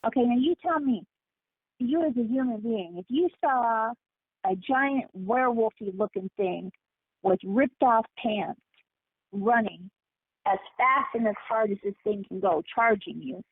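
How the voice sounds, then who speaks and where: Woman guest, emphatic storyteller, raspy voice on a tinny phone line. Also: a little high, measured pace, no echo. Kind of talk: casual phone interview.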